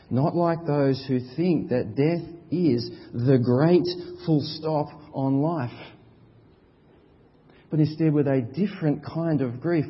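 A man preaches an earnest sermon in a husky, slightly high voice, dropping soft and then rising loud to stress his points. The sound is dull and muffled, and a long reverb trails behind every line as if he fills a large hall. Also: moderate pace. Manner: earnest, emphatic, swings between soft and loud; repeats words when stressing a point.

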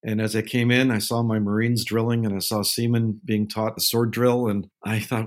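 An older man, a guest film advisor, telling anecdotes in a measured way with frequent filler pauses. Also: on the low side, level tone. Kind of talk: casual storytelling interview.

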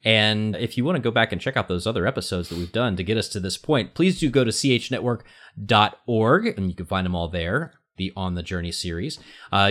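A man's voice: on the low side, a bit bright. A man hosting a faith talk podcast in a casual, joking manner. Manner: playful, joking. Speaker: podcast host.

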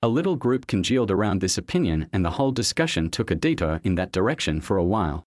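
A man narrating an audiobook story in an expressive way. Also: low-pitched, fast, no room sound, studio quality.

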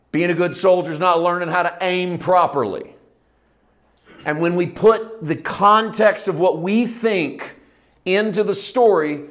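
A man preaching a Bible teaching, emphatic and repeating phrases for stress. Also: sits high.

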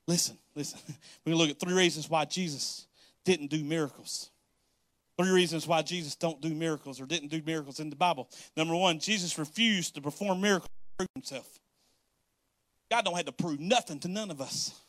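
A man preaching a sermon as pastor, animated and playful, often acting out church members and laughing. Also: on the high side, a little fast, no room sound, studio quality.

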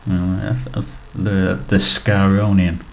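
A man's voice: deep voice, flat delivery, slow, creaky, faint music behind. A man co-hosting a podcast and reading listener emails, hesitant and self-deprecating. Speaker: podcast co-host.

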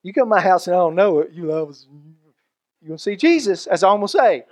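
A pastor preaching with easy humor, his voice sitting a bit higher than most men's. He jumps between chatty asides and acted-out quotes. The sound is dry and close, with no room echo. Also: quick pace. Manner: animated, conversational preaching with jokes and acted-out quotes. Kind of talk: sermon.

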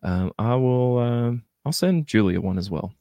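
A man's voice: mid-range voice, lively intonation, a little slow, dark tone, no room sound, lo-fi sound. A man hosting a casual podcast in an easygoing way, laughing often and reading out listener comments. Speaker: podcast host.

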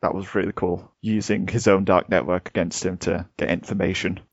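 A man's voice: low-pitched, little pitch movement, fairly quick, gravelly, husky, no room sound, dull audio. A man co-hosting a podcast, chatting in an easygoing, enthusiastic way. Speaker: podcast co-host. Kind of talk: casual podcast chat.

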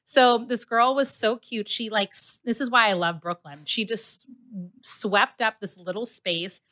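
A woman's voice: on the high side, fairly even intonation, a little slow, sharp tone, no echo. A woman in her late twenties hosting a casual interview podcast, telling stories with lots of "like" fillers and a bit of swearing. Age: late 20s. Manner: chatty storyteller, many "like" fillers, swears freely. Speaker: podcast host.

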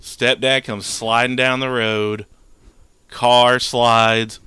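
A man's voice: medium pitch, flat delivery, extremely slow, bright, forceful tone, clear, resonant tone, dry recording. A young man telling a rambling, crude dream story in a casual podcast chat. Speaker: podcast co-host.

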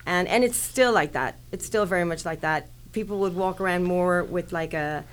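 A woman's voice: on the low side, normal speed. A woman with an Irish accent, chatting as a guest and talking a lot with fillers like "you know". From Ireland. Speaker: shop owner guest. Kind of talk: casual chat.

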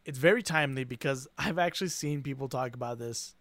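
A man's voice: mid-range voice, fast talker, a bit bright, no echo. Giggly, rambling podcast co-host man. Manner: giggly, rambling, restarts sentences. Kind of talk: casual podcast chat.

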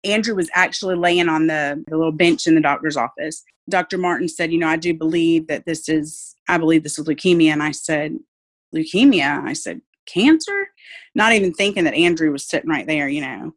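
A woman's voice: low voice, fairly quick, few pauses. A woman, a mother speaking earnestly and with faith about her child's illness in an interview. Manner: heartfelt, faith-filled, earnest. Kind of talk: emotional personal interview.

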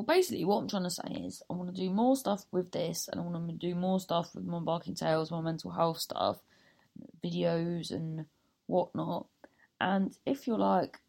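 On the low side with vocal fry and a slightly mellow quality, a woman comedian closes out her own podcast. Her casual sign-off rambles, mocks herself, and keeps losing its thread.

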